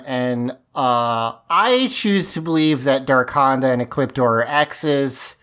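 A man's voice: medium pitch, slow pace, few pauses, fairly bright tone. Chatty amused man recapping a show. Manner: chatty, amused, rambling with restarts. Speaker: podcast co-host. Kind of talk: casual episode recap chat.

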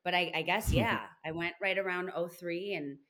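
A woman's voice: lowish voice, normal speed. A woman from Wisconsin in her thirties, a guest in a casual interview, telling stories animatedly and acting out quotes. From Wisconsin, USA. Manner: animated storytelling, acts out quotes.

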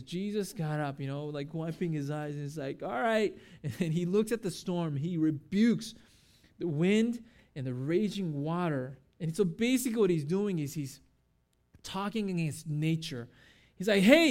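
A man's voice: a little high, a little mellow. A man giving a sermon as a pastor at a church service, talking casually and acting out the people in the story. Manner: casual, conversational preaching with fillers and acted-out quotes.

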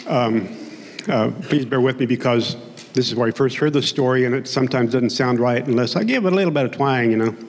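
Plain-spoken pastor in a hall. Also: male voice, mid-range voice, fairly quick. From Oklahoma. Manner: conversational, plain-spoken preaching with asides. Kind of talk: sermon. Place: church sanctuary. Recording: long hall reverb in a sanctuary.

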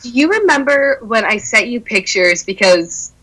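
A young woman in casual chat, telling stories with lively quoted voices. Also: a little high, moderate pace, poor audio. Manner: animated storyteller acting out quotes.

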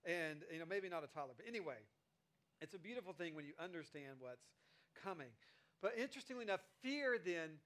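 A high-pitched man delivers a relaxed, conversational sermon as a pastor. He talks with lively energy and slips into playful quoted voices to make his points. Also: a little fast.

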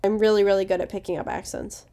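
A woman's voice: medium pitch, steady tone, fast talker, dark tone. A young woman co-hosting a podcast, giving frank, confident opinions in casual chat. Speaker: podcast co-host.

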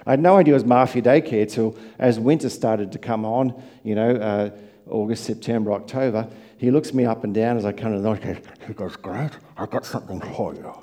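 A man preaching a sermon, telling stories and swinging from quiet asides to loud emphatic lines. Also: lowish voice, fairly quick. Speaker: pastor.

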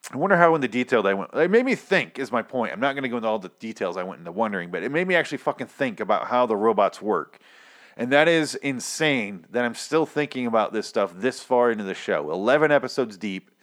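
A man hosting a casual solo podcast, rambling and swearing freely as he recaps a TV series. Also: medium pitch. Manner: rambling, profane, animated. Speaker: podcast host.

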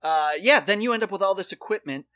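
A man's voice: high-pitched, expressive, fast talker, bright, forceful tone, no room sound. A man hosting a podcast in casual chat, telling rambling, profane stories with lots of fillers. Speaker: podcast host.

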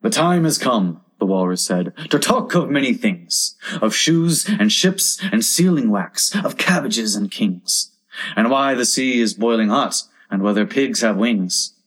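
A man's voice: fairly low pitch, expressive, unhurried, fairly bright tone. Man doing a sly old walrus, all coaxing and grand, storybook poem voice.

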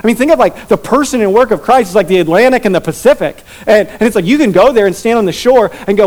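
A man's voice: high voice, racing, hardly any pauses, darkish tone. A man pastor preaching a sermon earnestly, building to emphatic repeated lines.

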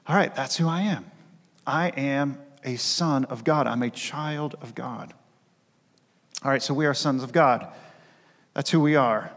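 Man preaching in a reverberant church. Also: fairly high pitch. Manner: earnest preaching, repeating key phrases for emphasis. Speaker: pastor. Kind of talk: sermon. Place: church sanctuary.

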